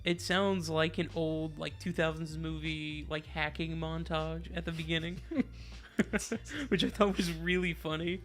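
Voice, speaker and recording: A man's voice: on the high side, steady tone, measured pace, a bit bright, faint music behind. A man in casual podcast chat, upbeat and loose, cursing now and then. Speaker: podcast co-host. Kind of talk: casual album review chat.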